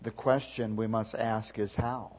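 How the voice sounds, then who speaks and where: A man preaching a sermon as a pastor, emphatic, his voice swelling louder on key words. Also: on the low side, little pitch movement, a little slow, low-quality recording.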